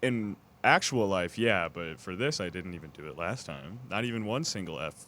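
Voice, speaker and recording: Lively young man in casual podcast chat. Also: low-pitched, moderate pace, background noise. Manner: playful, jokey, slips into silly put-on voices. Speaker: podcast co-host.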